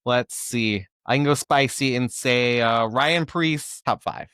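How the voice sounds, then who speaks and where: A man's voice: mid-range voice, slow pace, a bit bright, smooth, no room sound, studio quality. A man co-hosting a casual sports podcast, teasing dryly and taking his time to decide. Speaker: podcast co-host.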